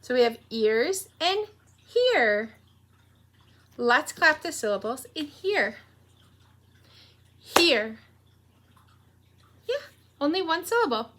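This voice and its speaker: A woman teacher leading a morning meeting for young children, in a slow, animated, sing-song voice with many questions for the kids. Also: high voice, a little hiss or hum. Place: home room.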